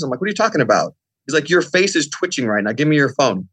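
A man's voice: medium pitch, sing-song, quick pace, fairly bright tone, husky, dry recording. A middle-aged man telling a long story in a casual podcast chat, rambling with many fillers and acted-out quotes. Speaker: podcast guest.

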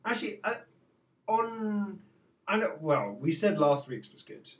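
A man co-hosting a podcast, retelling scenes in an enthusiastic, animated, casual chat. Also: high voice, a little slow, far from the mic. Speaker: podcast co-host.

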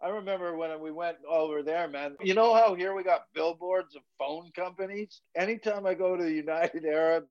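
Male podcast guest, crude and jokey, slightly high pitch, dry lo-fi audio. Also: moderate pace, hardly any pauses, darkish tone, no room sound. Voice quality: crude, laughs often, says "man" a lot. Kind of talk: casual podcast chat. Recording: dry, muffled lo-fi recording.

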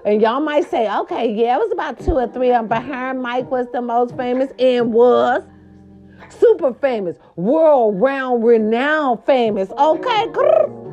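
Sassy woman dishing gossip, low-fi. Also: a little slow, warm tone, lo-fi sound, faint music behind. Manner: sassy and emphatic, repeating catchphrases; theatrical, with swoops and growls. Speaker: gossip vlog host.

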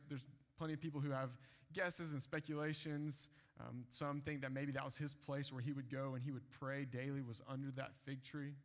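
A man's voice: on the high side, a bit bright. A man preaching a sermon, retelling scripture in casual everyday speech. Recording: long hall reverb.

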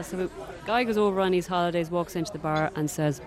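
A woman's voice: lowish voice, moderate pace, a faint crowd. An Irish woman from Galway, chatty and informal with a few fillers, telling a joke as a guest. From Ireland, Galway.

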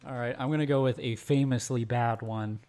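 A man's voice: medium pitch, fairly even intonation, brisk, a little mellow. A man in a casual podcast chat, hesitating with many ums before his picks. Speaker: podcast co-host.

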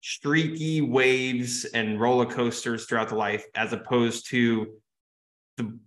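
A man's voice: mid-range voice, fairly even intonation, takes it slowly, fairly bright tone. A man hosting a podcast, chatting casually with a guest and often adding "right?". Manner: conversational, many fillers like "right?". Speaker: podcast host. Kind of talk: casual interview chat. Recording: roomy echo.

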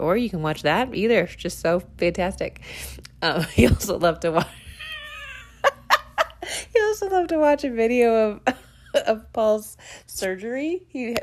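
A woman in her forties with a low voice tells a devotional story from her own life. She talks casually, laughs often, and trails through fillers and restarts. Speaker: mother sharing a devotional story.

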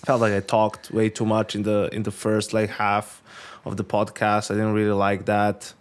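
A man's voice: fairly low pitch, monotone, moderate pace. A man co-hosting a podcast, talking at length in a self-deprecating way with swearing. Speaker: podcast co-host. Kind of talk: casual chat.

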